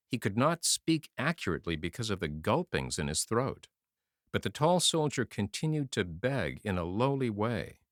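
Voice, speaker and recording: A man reading a novel aloud as audiobook narration, with an expressive storytelling manner. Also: lowish voice, normal speed, no room sound, studio quality. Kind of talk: scripted narration.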